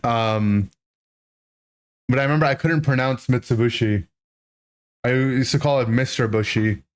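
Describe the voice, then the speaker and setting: A man in his thirties, a streamer, telling a childhood story to his chat in an animated, rambling way, full of "right?" and "like". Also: medium pitch, measured pace. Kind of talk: casual storytelling to a live chat.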